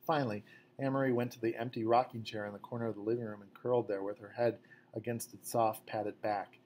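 Man narrating a novel, measured. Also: fairly low pitch, fairly even intonation, darkish tone, slight background noise. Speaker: audiobook narrator. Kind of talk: scripted narration.

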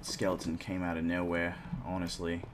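A man giving casual gameplay commentary as host, excitable, swearing casually and talking to himself. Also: low-pitched, normal speed. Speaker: let's play host. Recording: clear background noise.

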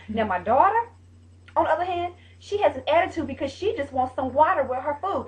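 High-voiced woman telling a scolding story. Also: expressive, a little fast. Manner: emphatic, scolding, chatty. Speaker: vlog host and mother. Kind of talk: casual storytelling to viewers.

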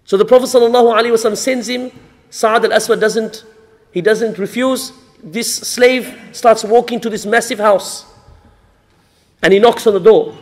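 A man's voice: high-pitched, normal speed. A man preaching a storytelling sermon in a mosque, acting out the characters and adding jokes. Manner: animated storyteller, acts out characters. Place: mosque hall. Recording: reverberant hall.

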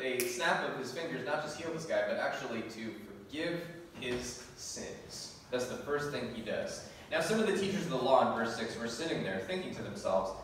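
A male pastor preaching a sermon, reading scripture aloud and telling the story with lively, animated asides and laughs. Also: mid-range voice, a little hiss or hum. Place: church sanctuary. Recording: echoey church hall from far off.

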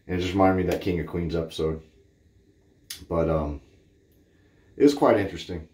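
A man's voice: low-pitched, steady tone, fairly quick, pauses often, darkish tone. A man from Cape Cod giving a blunt, rambling, candid shaving product review in his bathroom. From Cape Cod, Massachusetts. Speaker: shaving vlogger. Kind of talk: casual product review chat. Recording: roomy echo.

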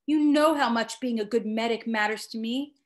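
A woman voicing an earnest young male medic who pleads with quiet insistence. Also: fairly high pitch, moderate pace, close to an everyday voice. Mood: earnest pleading.

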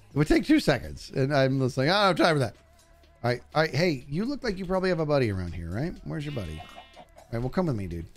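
A man's voice: mid-range voice, sing-song, quick pace, darkish tone, faint music behind. A man streaming a game live, chatting casually to his viewers and to the animals on screen. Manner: chatty, talks to animals and chat. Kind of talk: live gameplay commentary.

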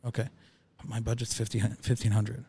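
A man's voice: medium pitch, level tone, normal speed, gravelly, dark tone, breathy edge. A man who works as a private chef, chatting casually on a podcast and repeating key phrases for emphasis.

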